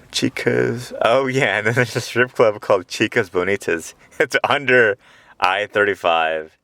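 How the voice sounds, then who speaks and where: A man's voice: on the low side, a little slow, pushed and bright, no room sound. A man hosting a podcast, telling a meandering, profane comic monologue with chuckling asides, taped on a handheld recorder in a parked car at night. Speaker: podcast host. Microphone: handheld portable recorder.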